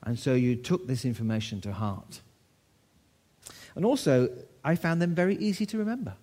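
A man's voice: medium pitch, expressive, normal speed, dark tone. A man in his sixties from the United Kingdom preaching a sermon to his church, telling a story in a conversational way with rhetorical questions.

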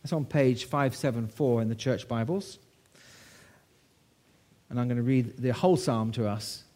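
A man's voice: medium pitch, normal speed, dark tone. A man in his sixties from the United Kingdom preaching a sermon to his church, telling a story in a conversational way with rhetorical questions.

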